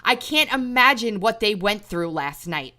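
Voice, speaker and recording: A woman's voice: mid-range voice, lively intonation, a little slow, pushed and bright. A woman host delivering an exasperated, emphatic commentary monologue, repeating words when heated. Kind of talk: angry monologue rant.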